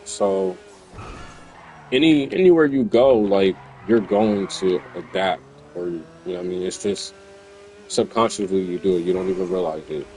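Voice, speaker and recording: Low-voiced, laid-back gamer. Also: male voice, normal speed, a little mellow, faint music behind, poor audio. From New Jersey. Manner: laid-back, slangy, rambling. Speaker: gaming streamer. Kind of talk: casual commentary while playing. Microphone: USB desk microphone.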